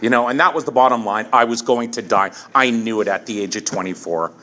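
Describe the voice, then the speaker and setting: A man in his fifties telling his own recovery story from the front of a meeting room, candid and halting, often restarting and repeating phrases. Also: medium pitch, bright, forceful tone. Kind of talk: personal testimony at a recovery meeting.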